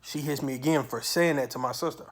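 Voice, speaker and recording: A man telling a profane, animated story from his childhood to camera, with sudden loud outbursts. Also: medium pitch, quick pace. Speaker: channel host. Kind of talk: storytime monologue.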